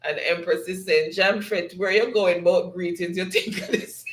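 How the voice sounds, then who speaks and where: A man hosts a casual livestream sign-off, reading viewers' comments aloud and laughing often as he drifts into patois. His voice sits high for a man. The sound bounces around an echoey room. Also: normal speed, fairly bright tone. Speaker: livestream host. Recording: roomy echo.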